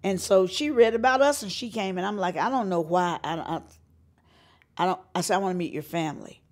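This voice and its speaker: A woman's voice: on the low side, a little fast. An older woman from North Carolina, telling stories in an interview and acting out the voices of the people she quotes. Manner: animated storyteller who acts out quoted voices. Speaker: singer and showcase organizer. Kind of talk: storytelling interview.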